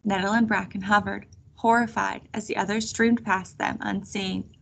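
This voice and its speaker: A woman reading a children's chapter book aloud in a steady storytelling manner. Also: mid-range voice, normal speed, vocal fry. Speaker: reader.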